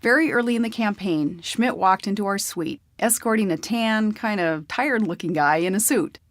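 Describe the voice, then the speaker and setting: A woman's voice: mid-range voice, normal speed, dry recording. Woman reading her memoir, plain chatty tone, mid voice, dead dry sound. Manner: plain, conversational storytelling. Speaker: audiobook narrator. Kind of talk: memoir audiobook narration.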